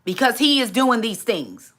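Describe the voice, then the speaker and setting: A woman, hosting a casual faith talk and switching into quick high voices to act out other people. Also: very animated, fairly bright tone. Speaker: channel host, mother giving faith advice.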